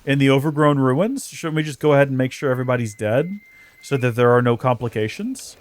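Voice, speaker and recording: A man's voice: medium pitch, brisk. A man hosting a let's play, giving chatty, joking gameplay commentary with self-mocking asides.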